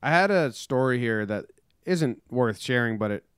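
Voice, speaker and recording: A young man chats and jokes on a podcast, slipping into quick voices for the people in his stories. His voice is smooth and clear, recorded close and dry with no room sound. His pitch sits in an ordinary middle range. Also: lively intonation, a bit bright, no echo. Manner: jokey storyteller, acts out quoted people. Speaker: podcast co-host. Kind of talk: casual chat.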